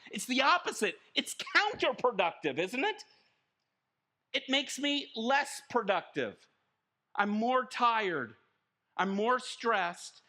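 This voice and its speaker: A male pastor preaches a sermon in a high, bright voice. He is animated and lively, acting out small everyday scenes to make his point. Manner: animated, acts out little scenes with shouted voices. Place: church.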